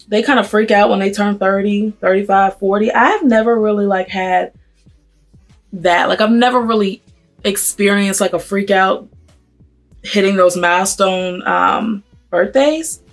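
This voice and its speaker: A woman's voice: mid-range voice, faint music behind. Chatty woman with a mixed Northern-Southern US accent. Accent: mix of Northern US and Southern US. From Pennsylvania, raised in Atlanta. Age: 30s. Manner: fast, rambling talk, stumbles over words. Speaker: beauty vlogger. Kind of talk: casual get-ready-with-me chat. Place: at home doing makeup.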